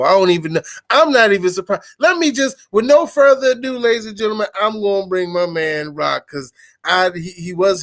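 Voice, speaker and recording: A man from the DC area hosting his own podcast, talking in a loose, hyped and profane way. His voice sits a little high for a man, and his pitch keeps swinging up and down as he gets going. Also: a bit bright. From Washington DC area. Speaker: podcast host. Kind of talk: casual chat.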